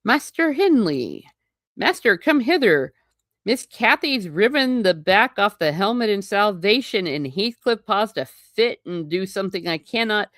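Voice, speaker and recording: A woman's voice: mid-range voice, big pitch swings, measured pace, a bit bright, no room sound, clean studio sound, voice pushed up. A woman voicing a stern old male religious servant, preachy and scolding. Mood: tattling.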